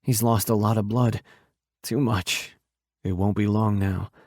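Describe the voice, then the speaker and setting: A male narrator voicing a young woman firefighter who speaks directly and briskly, a little higher than his narration. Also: steady tone, a little mellow, no echo, studio quality.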